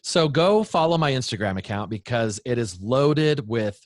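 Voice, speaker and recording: A man's voice: mid-range voice, expressive, moderate pace, no room sound. A man in his thirties, a guest speaking to parents in an interview, talking with energy and acting out what kids say. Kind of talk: animated interview talk.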